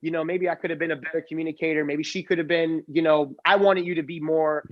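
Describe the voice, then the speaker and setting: A man's voice: a little high, steady tone, fast talker, muffled recording. A man arguing defensively in casual podcast talk, rambling and repeating himself. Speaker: podcast guest. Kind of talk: heated casual argument.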